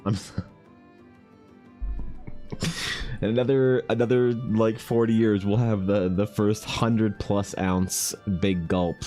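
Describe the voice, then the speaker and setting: Deep-voiced man streamer, rambling profane banter, faint music under. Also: fairly even intonation, slow, pauses often, mellow. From Canada. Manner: rambling, joking, profane, with many restarts. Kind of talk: casual live-stream chat while drawing.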